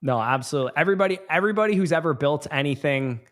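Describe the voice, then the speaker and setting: A man's voice: a little high, animated, racing, a bit bright. A man co-hosting a podcast in casual chat, teasing his partner and reading the live chat aloud. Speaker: podcast co-host.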